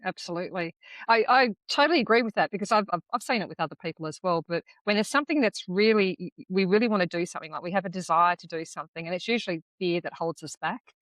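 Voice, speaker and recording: A woman's voice: lowish voice, quick pace, fairly bright tone, dry recording. An Australian woman hosting a podcast, chatting casually and encouraging her guest with short affirmations. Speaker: podcast host. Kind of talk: casual conversational interview.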